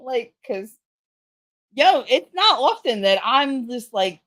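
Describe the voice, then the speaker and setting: A woman's voice: high-pitched, very animated, takes it slowly, a bit bright. A middle-aged woman hosting a stream, chatting casually with her viewers in a blunt, profane way and laughing often. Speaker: livestream host. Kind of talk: casual chat with live chat.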